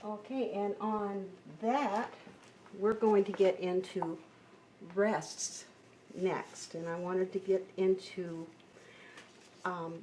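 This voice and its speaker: A woman's voice: lowish voice, a little mellow, a little hiss or hum. A woman teaching a beginner piano lesson, patiently explaining note values and chanting counts aloud.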